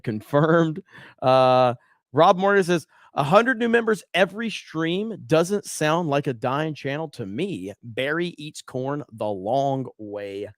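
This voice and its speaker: A man's voice: fairly high pitch, no room sound, clean studio sound. A man hosting a live stream casually, reading viewer messages aloud, laughing often and filling with ums. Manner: laughs a lot, loose, filler-heavy.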